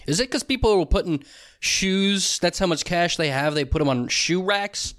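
A man's voice: on the high side, moderate pace, a bit bright. A young man hosting his own show alone, ranting in a rambling, profane way and mimicking people with a raised voice. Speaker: podcast host. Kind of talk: solo comedic rant.

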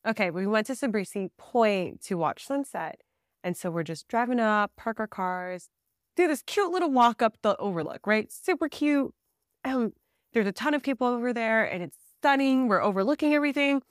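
A woman guest on a podcast, telling a trip story in a casual, animated way with fillers and bursts of laughter. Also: fairly high pitch, normal speed, no room sound, studio quality. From Southern California.

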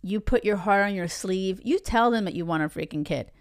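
A woman's voice: medium pitch, brisk. A woman hosting a podcast who gives dating advice in a blunt, emphatic way, swearing freely and talking straight to her listeners. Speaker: podcast host.

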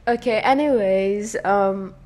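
A young woman talks on her solo podcast with a British accent that she puts on. Her pitch sits in the middle and her delivery is soft and earnest. She rambles, restarting her sentences and filling gaps with "um" and "you know.". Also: takes it slowly. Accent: put-on British over an American-style base. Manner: rambling, hesitant, many fillers and restarts; earnest, soft-spoken, with frequent light laughs. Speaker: podcast host. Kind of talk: casual solo podcast talk.

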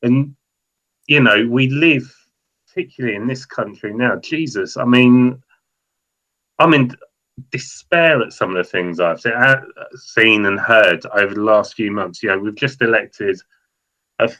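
A man talking football and politics on a podcast, hesitant and thinking aloud with many pauses. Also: lowish voice, bright, forceful tone, rough recording. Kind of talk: casual football podcast chat.

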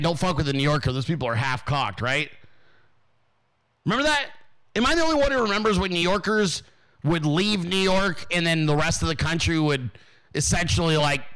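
A man's voice: on the high side, bright, forceful tone, clean tone. A male podcast host in a profane, mocking rant, often mimicking imagined people.

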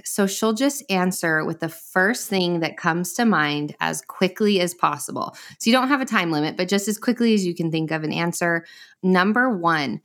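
A woman co-hosting a faith podcast, asking interview questions in a measured way. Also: lowish voice, a bit bright. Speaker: podcast co-host. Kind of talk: scripted intro and interview questions.

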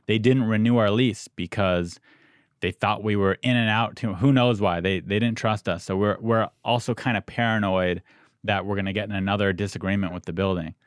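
A young adult man who owns a podcast studio tells an animated, self-deprecating story in casual chat on a close studio mic. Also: fairly low pitch, moderate pace, dry recording.

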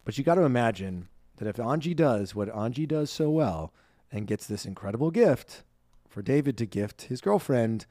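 A man's voice: mid-range voice, lively intonation, moderate pace, mellow, dry recording. Upbeat male podcast co-host, chatty and loose, dry close recording. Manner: chatty, upbeat, filler-heavy. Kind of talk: casual chat.

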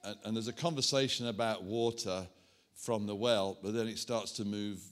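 A man preaching a sermon, animated and self-mocking, chatting with the congregation as he works through a demonstration. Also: on the low side, normal speed. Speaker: pastor. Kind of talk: sermon with props. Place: church hall.

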